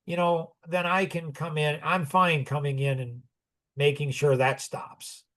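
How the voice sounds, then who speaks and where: A man's voice: on the high side, level tone, a little slow, a bit bright. A man in his sixties telling personal stories in conversation, rambling and reflective, often restarting and chuckling. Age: 60s.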